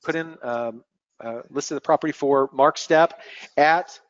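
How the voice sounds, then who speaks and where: A man presenting a software demo on a screen-share webinar, explaining step by step in a relaxed way and often repeating words as he clicks. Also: on the high side, a little slow, no room sound. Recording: dull lo-fi webinar audio.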